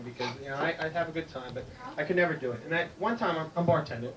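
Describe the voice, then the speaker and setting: Rambling high-voiced man doing stand-up. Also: racing, hardly any pauses, distant mic, crowd noise. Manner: rambling, jumps into high excited voices for punchlines. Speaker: stand-up comedian and emcee. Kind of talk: stand-up comedy. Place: comedy club stage.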